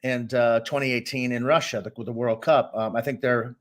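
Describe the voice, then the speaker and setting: A middle-aged man from Boston, co-hosting a casual sports podcast and giving opinionated, animated takes. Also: mid-range voice, a little fast. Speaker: co-host and sports analyst.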